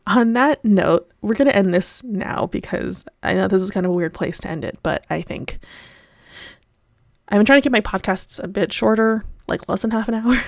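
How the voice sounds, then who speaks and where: A woman's voice: mid-range voice, moderate pace, creaky, dry recording, studio quality. Candid rambling young woman podcaster. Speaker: podcast host. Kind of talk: casual personal monologue.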